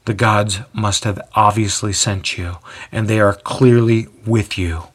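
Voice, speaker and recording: Brief: big, awed jailer, read by a male narrator, low, husky, hushed and halting. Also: steady tone. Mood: earnest.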